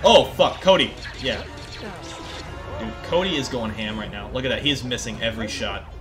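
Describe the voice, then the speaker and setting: A young man giving excitable, profane commentary over his gameplay, often yelling at the game. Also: mid-range voice, moderate pace. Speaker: gaming video creator. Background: game music.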